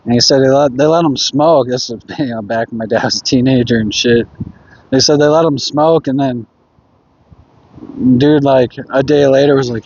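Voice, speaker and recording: A man's voice: medium pitch, moderate pace, a little mellow, lo-fi sound. A young man with a Minnesotan accent, chatting casually on a live stream while out on a ride, rambling through stories with loose swearing. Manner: rambling storyteller, laid-back, swears casually. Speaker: livestreamer. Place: outdoors on a scooter ride by a creek.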